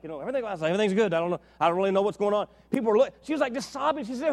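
A man preaching a sermon as a pastor, telling a story with lively acted-out dialogue. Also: sits high, rapid-fire, creaky. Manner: animated storytelling, acts out dialogue with big swings in loudness. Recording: long reverb of a large hall.

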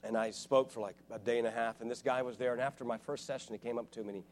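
A man's voice: mid-range voice, steady tone, a little hiss or hum. A man in his forties giving a sermon as a guest preacher, earnest and full of restarts, growing fervent as he tells his stories. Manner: earnest, rising to fervent and loud; halting restarts and repeated words. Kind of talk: sermon with personal storytelling. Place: church, live before a congregation.

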